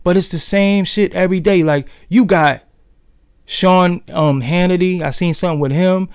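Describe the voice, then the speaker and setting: In clean, dry studio sound, a man with a high-pitched, clear, and resonant voice chats with his livestream audience at a moderate pace. He has a Brooklyn, New York accent and keeps things loose and profane, speaking directly to the chat.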